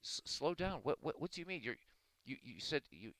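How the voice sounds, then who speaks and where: A man's voice: a little high, very animated, a bit bright, dry recording, pitched above the performer's own voice, rough recording. A man voicing a flustered male priest in a joke, stammering and hurrying his questions. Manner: stammering, hurried.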